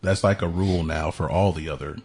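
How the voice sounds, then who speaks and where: A man's voice: sits low, steady tone, a little fast, a little mellow, breathy edge. A man co-hosting a radio show, joking in a laid-back way and hedging with "like.". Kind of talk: casual banter.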